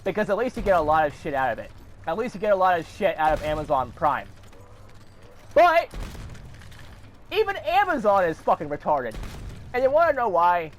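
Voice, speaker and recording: A man's voice: sits high, sing-song, fast, a little hiss or hum. A man delivering a heated, profane rant to camera, swearing often and throwing in sarcastic asides. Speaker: vlogger.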